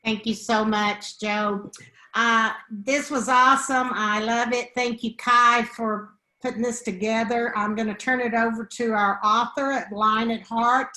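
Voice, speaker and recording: A woman's voice: on the high side, steady tone, unhurried, sharp tone, reverberant, rough recording. A woman co-hosting a live online show, handing over to speakers with enthusiastic, gushing praise. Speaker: co-host.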